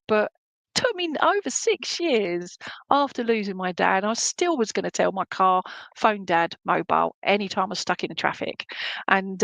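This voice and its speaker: A woman's voice: mid-range voice, dry recording, rough recording. A woman working as a psychic medium, giving a live online reading to viewers. She talks in a chatty, reassuring way, hesitates often and keeps checking in with her listeners. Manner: hesitant, with many "um"s.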